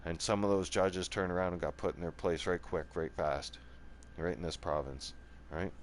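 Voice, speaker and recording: A man's voice: deep voice, steady tone, normal speed, slight background noise. A man hosting a gaming channel, delivering a heated, profane monologue, angry and defiant, checking in with "right?" and "okay?" over and over. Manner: profane, repetitive, keeps asking "right?" and "okay?"; angry and defiant, voice rising and falling.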